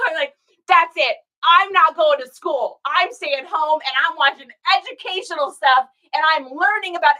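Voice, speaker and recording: A woman's voice: a little high, bright, forceful tone, low-quality recording. A middle-aged woman chatting casually on a live stream while packing orders, laughing often and reading viewer comments aloud. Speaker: reseller hosting a live stream.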